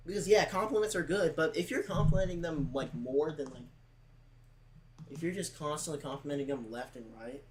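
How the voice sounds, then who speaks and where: Speaking to his livestream chat, a man rambles earnestly, leaning heavily on "like" and repeating himself, sometimes nearly in tears. His voice is medium-pitched and a little mellow, with poor audio and slight background noise.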